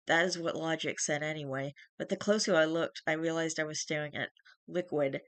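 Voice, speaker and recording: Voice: mid-range voice, a little fast, dry recording. Storyteller reading horror, dry sound. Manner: steady first-person narration with small restarts.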